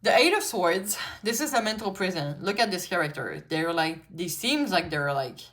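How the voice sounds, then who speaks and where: A woman's voice: lowish voice, lively intonation, normal speed, a bit bright. A woman whose first language is French gives a casual pick-a-card tarot reading, chatty and full of "like" and "you know" fillers, with frequent swearing. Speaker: tarot reader.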